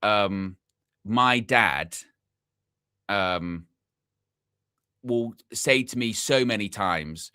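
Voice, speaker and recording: A young man talks loosely on a football live stream, drifting between asides and repeating himself as he thinks aloud. His voice sits fairly low but comes across bright and forceful, close on a dry mic with no room around it. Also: extremely slow, pauses often, clean tone, no room sound. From England. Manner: rambling, repeats himself, chatty asides to the chat. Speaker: football channel host. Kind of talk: casual live-stream chat.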